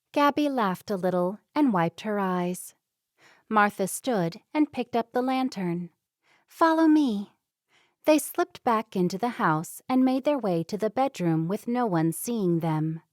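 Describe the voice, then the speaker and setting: A woman reads a romance novel aloud in an even, measured way, with a mid-pitched voice. The recording is dry and close. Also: no echo. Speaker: audiobook narrator. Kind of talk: scripted narration.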